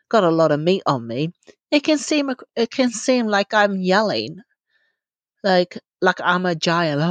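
Woman in her thirties, podcast host, slow unhurried pace, candid and self-deprecating, dry close sound. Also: lowish voice, dry recording. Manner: candid and confiding, laughs often, self-deprecating. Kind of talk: reflective solo podcast talk.

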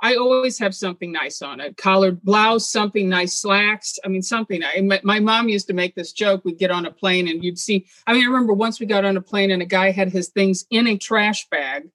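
A woman guest in an interview, talking in an animated, opinionated way with quick asides. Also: medium pitch, dry recording. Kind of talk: casual interview chat.

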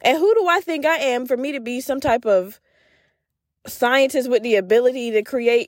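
A woman hosting a podcast, telling a story in a casual, animated way and acting out the voices she quotes, laughing often. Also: sits high, moderate pace, dry recording, clean studio sound. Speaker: podcast host.

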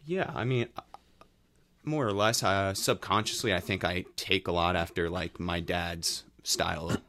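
A young man answering interview questions casually, with a relaxed, rambling manner full of fillers. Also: deep voice, measured pace. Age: young adult. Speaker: podcast guest.

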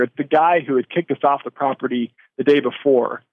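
A man being interviewed, telling his story earnestly and thoughtfully, pausing and restarting as he searches for words. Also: medium pitch. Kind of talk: reflective storytelling. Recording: tinny phone line.

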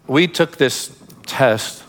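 A man's voice: medium pitch, extremely slow, a bit bright, big-room sound. A man preaching a sermon as pastor, emphatic, breaking into laughing asides and urging listeners to pay attention.

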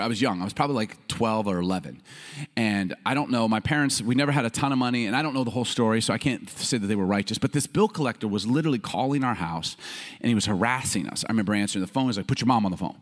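A man from Chicago and Baltimore preaching as a pastor, telling a story with frequent laughter and loud bursts. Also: mid-range voice. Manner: animated, laughing often, rising to loud bursts. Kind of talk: sermon storytelling.

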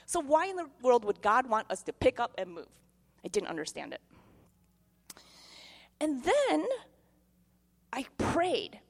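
A middle-aged woman pastor giving a testimony sermon, telling her story in an animated way and acting out the voices in it. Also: fairly high pitch, unhurried, vocal fry, long pauses. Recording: long hall reverb.

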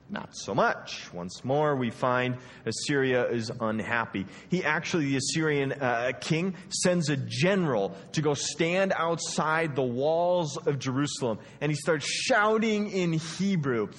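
Man, Bible teacher, lively storyteller, high voice, long hall reverb. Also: moderate pace. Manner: lively storytelling, acting out quotes. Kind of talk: animated Bible lesson.

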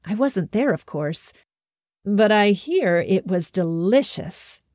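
A woman telling a children's storybook tale with gentle, expressive narration and folksy asides. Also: mid-range voice, takes it slowly, dry recording, studio quality.

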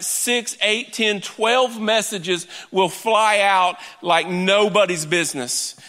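Bright, high-voiced pastor preaching. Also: male voice. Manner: conversational preaching with quick asides and drawn-out emphasis. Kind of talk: sermon. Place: church hall. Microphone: handheld or headset microphone. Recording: reverberant church hall.

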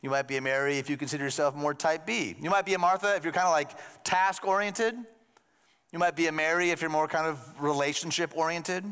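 A man delivers a sermon with a slightly raised pitch. He talks to the congregation in a loose, conversational way and drops in joking asides. His voice rings out with the long reverb of a large hall. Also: steady tone, brisk, a bit bright, clear, resonant tone. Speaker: pastor.

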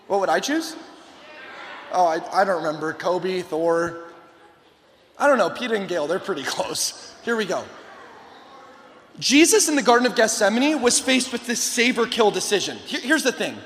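A man giving an energetic youth camp sermon to a lively crowd, shouting at times and joking between points. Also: high voice, moderate pace, long pauses. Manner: animated, shouting to a rowdy crowd, playful asides. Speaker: camp guest speaker. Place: large hall with a live audience. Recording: long hall reverb.

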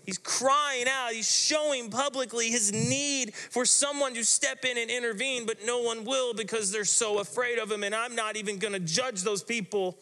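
A man's voice: extremely high pitch, steady tone, moderate pace, few pauses, pushed and bright, big-room sound. A man preaching a sermon as pastor, telling the story in a dramatic, vivid way.

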